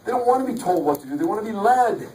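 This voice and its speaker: A man giving an energetic, joking motivational talk at a live sales event, often acting out voices. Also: high-pitched, racing, a little hiss or hum. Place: large hall. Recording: echoey hall from far off.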